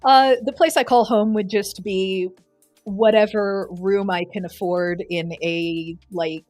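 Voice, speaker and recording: A woman's voice: mid-range voice, fairly even intonation, slow pace, a little mellow, faint music behind. A woman player narrating her character's actions in a tabletop game, chatty and full of fillers. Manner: chatty storytelling with frequent "like" and laughs.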